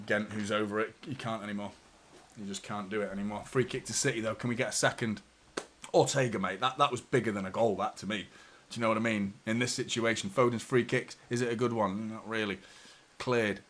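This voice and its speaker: A young man hosting a live football watchalong, swearing often and swinging between anxious muttering and shouted celebration. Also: fairly low pitch, steady tone, brisk, a little hiss or hum. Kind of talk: live match reaction commentary.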